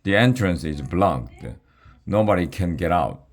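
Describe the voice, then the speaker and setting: A man's voice: sits low, animated, unhurried. A man voicing a prim, bossy female dragon who barks clipped, haughty commands at her prisoners in a storybook reading. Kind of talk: audiobook reading.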